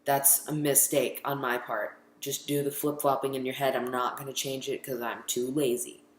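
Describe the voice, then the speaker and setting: A man's voice: mid-range voice, flat delivery, normal speed, a little hiss or hum. A teenage boy vlogging casually, rambling and chatty, full of ums as he counts down his favorite movies. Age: teens. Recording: echoey room.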